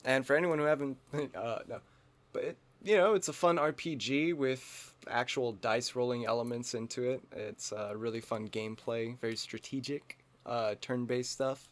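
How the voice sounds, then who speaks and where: A man's voice: medium pitch, moderate pace. A man co-hosting a podcast in casual, joking chat, riffing and laughing often. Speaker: podcast co-host.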